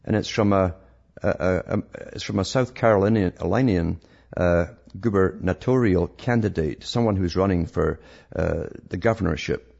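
Gravelly deep-voiced sarcastic man. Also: moderate pace, a little mellow. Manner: sarcastic, rambling with frequent restarts. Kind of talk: monologue reading news articles. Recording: dull lo-fi recording.

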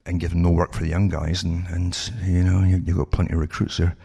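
Gravelly low-voiced sardonic man. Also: little pitch movement, fairly quick, warm tone. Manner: sardonic, rhetorical questions to listeners. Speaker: political commentator. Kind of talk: monologue reading and commenting on news articles.

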